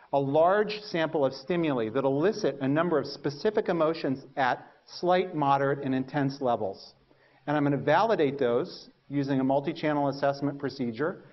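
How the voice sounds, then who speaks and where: A man giving a university lecture, telling stories about his early research with lively, self-mocking humor and acting out his own past reactions. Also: fairly high pitch, muffled recording. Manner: animated storytelling, acts out his past thoughts. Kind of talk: lecture with personal anecdotes.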